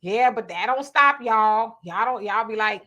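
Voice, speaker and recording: A woman hosts a live stream, reading viewer comments in a sassy, playful way. Her voice is bright and edged, pitched a little high. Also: measured pace, lo-fi sound.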